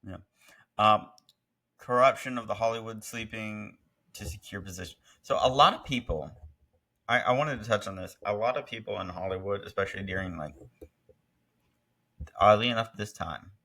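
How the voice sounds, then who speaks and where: A man's voice: fairly low pitch, moderate pace, pauses often, sharp tone. A man co-hosting a casual movie review chat, joking and teasing as he goes. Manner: jokey, mocking mock-British impressions. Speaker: podcast co-host.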